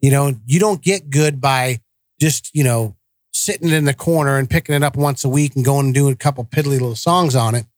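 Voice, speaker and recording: A blunt, plain-spoken man chatting on a podcast. He tells stories straight, with a voice of middle pitch, and acts out the back-and-forth. The sound is dry and close, with no room around it. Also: fairly quick, dry recording. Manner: blunt, direct storytelling, acts out quoted dialogue. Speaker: podcast co-host. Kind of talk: casual podcast chat.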